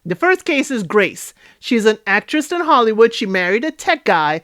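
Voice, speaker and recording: A woman hosting a casual TV recap and review, chatty and animated, talking straight to her viewers. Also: medium pitch, no room sound, studio quality. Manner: chatty, animated, addresses viewers directly, frequent "you know" and "okay?". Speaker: TV recap host.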